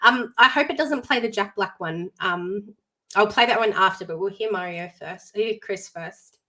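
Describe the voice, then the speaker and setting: A woman co-hosting an entertainment live stream, chatting in a casual, expressive way with emphatic reactions. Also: medium pitch, moderate pace. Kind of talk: casual chat.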